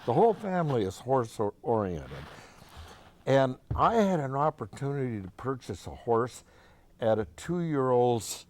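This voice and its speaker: Older man, interview guest, folksy storyteller, chatty, mid-pitched voice, dry close sound. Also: sing-song, unhurried, darkish tone, dry recording. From Oregon, USA. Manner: folksy, chatty anecdotes with restarts. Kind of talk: casual storytelling.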